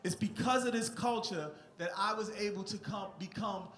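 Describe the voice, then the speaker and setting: A man's voice: high-pitched, moderate pace, a bit bright. A middle-aged man from New Jersey giving a rambling, heartfelt acceptance speech on a theatre stage, with many restarts. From Newark, New Jersey, USA. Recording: echoey theatre sound.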